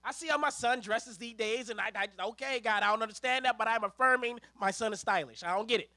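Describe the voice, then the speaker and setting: A man preaching a sermon as a ministerial intern, in a lively, conversational way with slang and storytelling. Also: very high-pitched, fast talker, dry recording.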